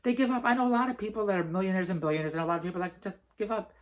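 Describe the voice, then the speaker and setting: A man's voice: high-pitched, racing. A man vlogging a casual motivational monologue, rambling and emphatic, laughing often between phrases. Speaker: vlogger and entrepreneur.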